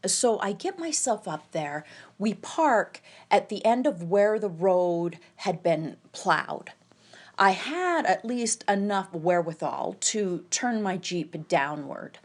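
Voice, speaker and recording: A woman telling a tense personal story, halting and quoting the people she met. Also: mid-range voice, big pitch swings, a little mellow. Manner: tense, halting retelling with quoted dialogue. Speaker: podcast storyteller.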